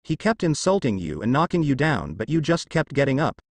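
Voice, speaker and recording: A man's voice: mid-range voice, very animated, a little fast, no room sound. A man reading the lines of a brash, cocky teenage boy ninja in a fan fiction story, in nearly his own voice.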